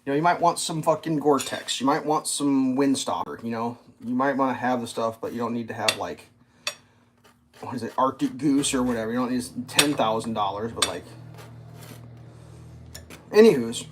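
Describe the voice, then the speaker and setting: A man's voice: mid-range voice, normal speed, noisy background. A man hosting his own channel, ranting casually and rambling, swearing often and leaning on fillers. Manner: rambling and profane, with many fillers. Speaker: channel host. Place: at a breakfast table.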